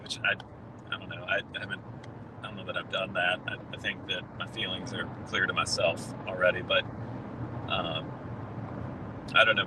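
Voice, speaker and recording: A man with a low, even voice talks haltingly and reflectively, restarting his sentences as he thinks. He is driving, picked up from a distance by the mic. Steady car noise sits clearly under his words. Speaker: husband in a family vlog. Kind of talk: casual personal talk.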